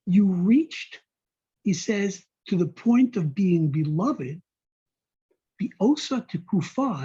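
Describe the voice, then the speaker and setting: A man's voice: high-pitched, dark tone, slightly rough. A man teaching a text-study class, reading Hebrew phrases aloud and then translating each one into plain English. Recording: dull lo-fi recording.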